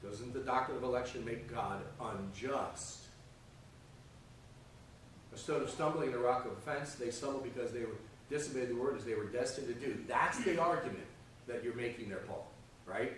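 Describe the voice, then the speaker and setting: A man's voice: mid-range voice, moderate pace, a bit bright, far from the mic, a little hiss or hum. A man teaching a conversational Sunday school Bible lesson, often checking in with his class by asking "okay?" and "right?". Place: church classroom. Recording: echoey room, voice from off-mic.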